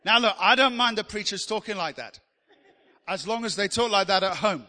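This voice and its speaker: A man's voice: sits high, normal speed, bright, forceful tone, big-room sound. A man preaching a sermon in a chatty, joking way, teasing the congregation.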